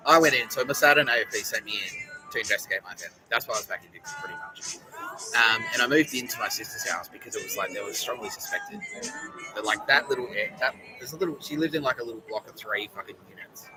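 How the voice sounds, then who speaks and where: Australian man, podcast host, profane rambling rant, lively up-and-down delivery, music playing clearly behind. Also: mid-range voice, fast, low-quality recording. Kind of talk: casual rambling monologue.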